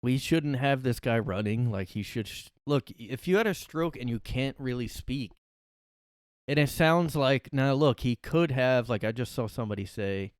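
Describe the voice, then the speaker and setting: A man's voice: mid-range voice, normal speed, clear, resonant tone, no room sound, clean studio sound. A man hosting a solo comedy podcast from his room, ranting in a rambling, profane, sarcastic way. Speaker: podcast host.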